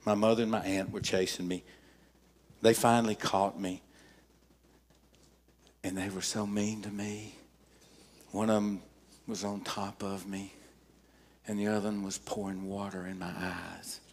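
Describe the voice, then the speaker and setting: An older man preaching a sermon as pastor, emphatic, telling stories with dramatic pauses. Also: lowish voice, flat delivery, a little hiss or hum.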